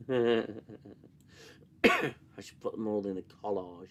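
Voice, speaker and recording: A man's voice: on the low side, moderate pace, long pauses, a bit bright. A man hosting a live-stream review, sarcastic and swearing, interrupted by coughing fits. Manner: sarcastic, swears, reads chat and mocks scenes. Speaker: host reviewing a TV show. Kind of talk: casual live-stream commentary.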